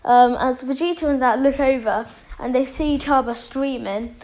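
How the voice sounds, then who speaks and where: A woman's voice: high-pitched, moderate pace, a little mellow, low-quality recording. A woman casually retelling a fan story, rambling with many fillers.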